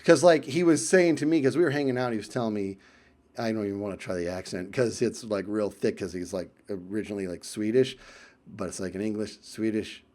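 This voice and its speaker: A man telling a story to camera in a casual vlog, chatty and animated, with frequent asides and fillers. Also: fairly low pitch, fairly quick.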